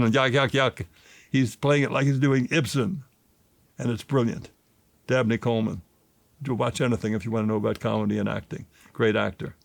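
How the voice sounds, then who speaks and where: A man's voice: gravelly, dry recording. A man in his seventies, an actor and author, telling stories in an interview and getting emotional as he talks. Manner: emotional, rises in pitch when excited. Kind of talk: animated storytelling interview.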